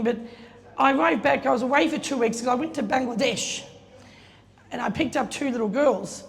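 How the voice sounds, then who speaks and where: In an event space with long reverb and faint room noise, a middle-aged woman with a slightly high voice speaks briskly as a guest at an opening. Her casual anecdote is chatty and full of laughter, and she performs the voices of the people she quotes.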